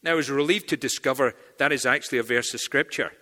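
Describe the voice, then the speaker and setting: A man preaching a sermon, telling stories in an animated way and acting out the dialogue. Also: medium pitch, quick pace. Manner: animated storytelling, acts out dialogue. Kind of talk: sermon with anecdotes. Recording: long hall reverb.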